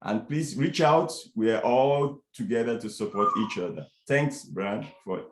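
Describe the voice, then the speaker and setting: A man's voice: lowish voice, expressive, unhurried. Supportive man in a roomy echo. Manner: encouraging, supportive. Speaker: guest. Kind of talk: casual remarks on a video call. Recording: roomy call audio.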